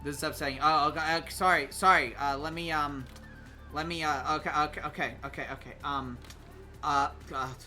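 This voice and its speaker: Very bright-voiced streamer, halting speech. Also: mid-range voice, fairly even intonation, soft background music. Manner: hesitant, many fillers and restarts; hums tunes while playing. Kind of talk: casual gaming stream chat.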